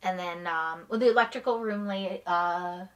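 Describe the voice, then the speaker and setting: A woman's voice: on the low side, moderate pace, a bit bright, far from the mic, dull audio. A woman chatting casually about a haunted attraction, agreeing often and restarting sentences. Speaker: haunted house reviewer. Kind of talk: casual review chat.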